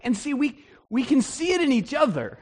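A man preaching a sermon in a conversational, animated storytelling way, with frequent restarts. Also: very high-pitched, moderate pace. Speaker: pastor.

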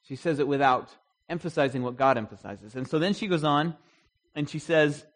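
Casual male Bible study leader with a slightly higher voice who quizzes the group and often restarts his sentences. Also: normal speed. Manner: conversational, poses questions to the group, frequent restarts. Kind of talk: interactive Bible study teaching.

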